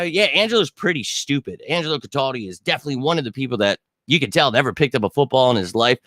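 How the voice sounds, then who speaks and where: A man's voice: medium pitch, fairly bright tone, no echo. A man in his thirties hosting a fan show, ranting in a brash, heated, profane way and talking straight to his viewers. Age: 30s. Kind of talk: livestream rant.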